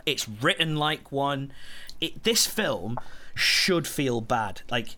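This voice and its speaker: Male co-host, bright tone, casual, blunt and sweary. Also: mid-range voice, lively intonation, takes it slowly, a little hiss or hum. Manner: blunt, swearing, laughing asides. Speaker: podcast co-host. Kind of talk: casual movie review chat.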